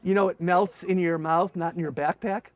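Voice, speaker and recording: A man's voice: sits high, normal speed. A middle-aged man, a former paratrooper officer telling his story and acting out dialogue. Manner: animated, acts out dialogue in raised voices. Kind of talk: storytelling testimony.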